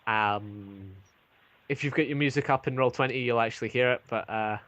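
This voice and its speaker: A man's voice: mid-range voice, normal speed, a bit bright. A man narrating an online tabletop game as game master, hesitant, with many ums and restarts.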